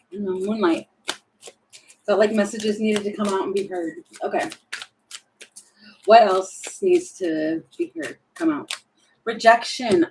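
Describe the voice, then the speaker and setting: A woman's voice: fairly high pitch, gravelly, darkish tone, slight background noise, rough recording. A woman doing a casual tarot reading to camera at home, chatty and laughing, talking to herself between cards. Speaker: tarot reader.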